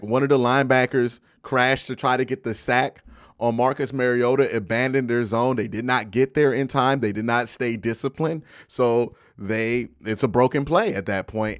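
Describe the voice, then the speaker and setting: A man's voice: medium pitch, no room sound, clean studio sound. A young man hosting a casual live-stream sports show, arguing his points with energy and answering viewers' chat messages. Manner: animated, argumentative, reads and answers viewer chat. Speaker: host of a live football post-game stream.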